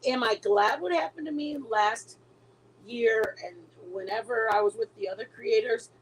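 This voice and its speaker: A woman's voice: fairly high pitch, moderate pace, slight background noise, low-quality recording. A middle-aged woman chatting casually with her viewers, telling a long story with many restarts and trailing thoughts. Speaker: livestream host.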